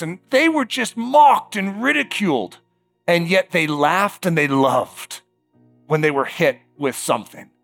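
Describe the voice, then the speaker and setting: Animated, high-pitched preacher. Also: male voice, gravelly. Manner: animated, emphatic, with dramatic slowdowns and quiet drops; conversational fillers like "like" and "uh". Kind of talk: sermon.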